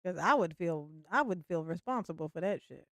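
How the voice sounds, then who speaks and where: A woman's voice: lowish voice, lively intonation, a little fast, a bit bright, no room sound. A woman hosting a casual livestream commentary, chatty and swearing freely, often breaking into laughter.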